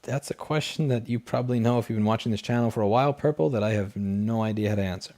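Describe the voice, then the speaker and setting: A man's voice: on the low side, quick pace, dark tone. A man hosting a casual late-night livestream, reading chat questions and answering in a blunt, profane, rambling way through a desk microphone.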